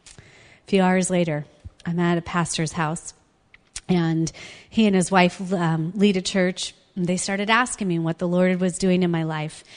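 A woman's voice: fairly low pitch, steady tone, unhurried, big-room sound. A woman giving a personal testimony sermon as a guest speaker, telling her story in an earnest, conversational way.

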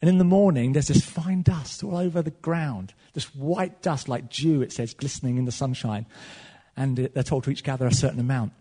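A man preaching a sermon in a church hall, animated and swinging between loud and soft. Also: mid-range voice, fairly quick. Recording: long reverb of a large hall.

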